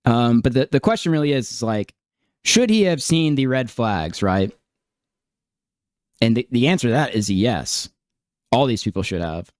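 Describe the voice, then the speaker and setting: Smooth-voiced man reacting in disbelief. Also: mid-range voice, expressive, moderate pace, long pauses, dry recording, studio quality. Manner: incredulous, laughing, many fillers and restarts. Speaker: commentary streamer. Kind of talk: casual reaction commentary.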